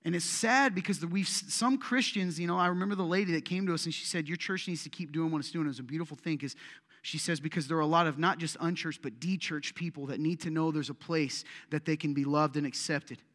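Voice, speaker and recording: A man preaching a sermon as pastor, animated and putting pointed questions straight to the congregation in a church. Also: fairly high pitch, fast talker, long reverb tail. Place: church sanctuary.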